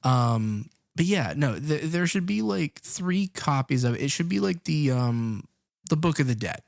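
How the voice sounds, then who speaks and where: Laid-back podcast co-host, dry sound. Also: male voice, fairly high pitch, lively intonation, unhurried, gravelly, no room sound. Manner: laid-back, agreeable, recaps plot with fillers. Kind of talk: casual film discussion.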